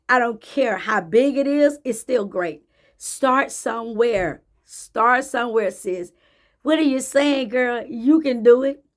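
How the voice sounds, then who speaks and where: A woman giving a faith-based motivational talk to camera, emphatic and preachy, repeating phrases for emphasis. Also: fairly high pitch. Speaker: motivational speaker.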